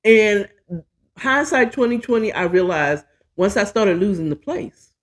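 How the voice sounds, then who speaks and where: Expressive and unhurried, a woman with a mid-range voice shares a personal story on the podcast she hosts. Her monologue is casual, frank and profane, and she regularly pokes fun at herself.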